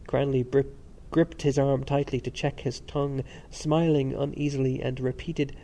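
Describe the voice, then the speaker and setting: Using a mid-range voice, a man narrates a novel for an audiobook. His scripted reading stays steady and measured throughout.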